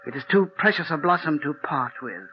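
A man's voice: a little high, expressive, slight background noise, close to an everyday voice. An actor playing a stately father who formally grants his daughter's betrothal, in 1940s radio acting style. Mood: gravely courteous. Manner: formal, measured and courtly. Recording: dull old radio broadcast with music.

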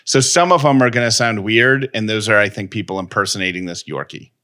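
A man's voice: on the low side, a little fast, sharp tone. A man co-hosting a podcast in casual chat, rambling and interrupting himself. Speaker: podcast co-host.

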